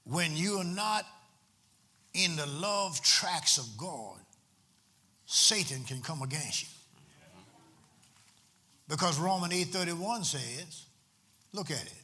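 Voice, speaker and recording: A man's voice: fairly high pitch, expressive, takes it slowly, pauses often, pushed and bright. A man a sermon as pastor, repeating phrases for emphasis and drawing call-and-response from the congregation.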